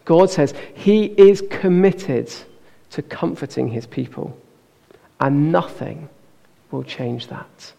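A man preaching a sermon in earnest, slowing down to stress key words. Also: a little high, expressive, vocal fry, dark tone, in a large hall.

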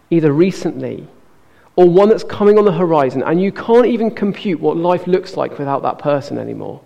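An earnest man delivers a sermon and draws out the words he wants to stress. His voice is mellow and gravelly. It echoes with a long reverb around a church hall. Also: fairly high pitch. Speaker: preacher.

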